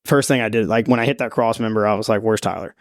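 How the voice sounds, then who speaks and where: A man who teaches freediving and spearfishing, telling a long story in a podcast interview in a rambling, animated way with laughs and restarts. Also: fairly low pitch, quick pace, no room sound, clean studio sound.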